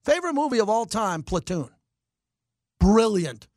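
Fired-up sports radio host, high voice. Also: male voice, dry recording, clean studio sound. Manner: animated, rants and mocks in quick bursts. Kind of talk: fired-up sports talk monologue.

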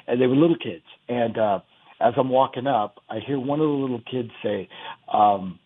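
A man calling in to a radio show, telling a story in a rambling, halting way over a phone line. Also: medium pitch, slightly rough. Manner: rambling, halting, many restarts. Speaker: caller.

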